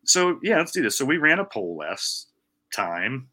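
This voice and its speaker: A man's voice: medium pitch, big pitch swings, unhurried, a crowd in the background. A young man co-hosting a podcast in casual chat, rambling and swearing freely, calling people bro and dude. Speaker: podcast co-host.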